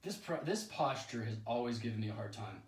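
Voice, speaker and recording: Man, out of breath, casual self-deprecating yoga demo, throat clearing, roomy echo, distant mic. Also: medium pitch, expressive, brisk. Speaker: yoga practitioner demonstrating poses. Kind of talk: casual home yoga demonstration. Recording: echoey room, voice from a distance.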